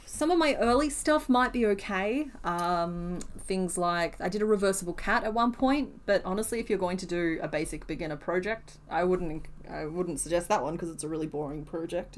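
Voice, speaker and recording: A woman's voice: on the low side, expressive, normal speed, slight background noise. A woman, chatting casually on a live stream while she crochets, answering viewers and teasing herself. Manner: chatty, self-deprecating, answers chat questions.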